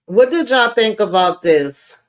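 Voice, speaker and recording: This is a livestream host deep in casual chat about a TV episode, medium-pitched and easygoing. The host talks freely and slips into acted-out quotes with a laugh. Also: expressive, a little slow. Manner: chatty, acts out quotes with laughs.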